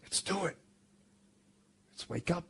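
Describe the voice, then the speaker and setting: A little slow in his delivery, a man gives school students a fervent motivational speech. He swings between gentle, intimate lines and loud, emphatic bursts.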